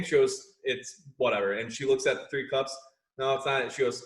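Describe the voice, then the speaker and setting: A man talking as a musician guest in a casual video-call chat, lively, acting out the people in his stories. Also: medium pitch, a little fast, reverberant. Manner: animated, acts out quoted people.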